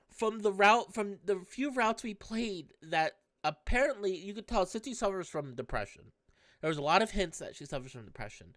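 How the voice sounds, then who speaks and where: A woman commenting candidly on a story game, talking in a halting, emotional way with many restarts. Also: medium pitch, lively intonation, no room sound, clean studio sound. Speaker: gamer playing a visual novel.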